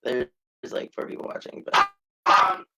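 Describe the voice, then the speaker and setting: A man's voice: unhurried, low-quality recording. A man hosting a casual live-streamed talk show, hesitant and rambling, with lots of fillers and the odd swear word.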